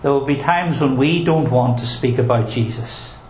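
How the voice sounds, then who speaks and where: A man's voice: mid-range voice, normal speed, slight background noise. A male pastor preaching a sermon in an earnest, emphatic way, with touches of dry humor. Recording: roomy echo.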